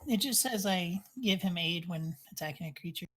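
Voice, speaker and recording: A woman's voice: lowish voice, moderate pace, slightly rough. Playful woman tabletop player. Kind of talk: casual tabletop game play.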